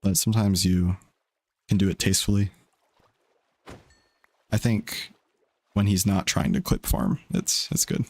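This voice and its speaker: A man's voice: low-pitched, measured pace, gravelly, long pauses, darkish tone, no room sound. A young man casually chatting while streaming a game, rambling and laid-back. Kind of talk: casual gaming stream chat.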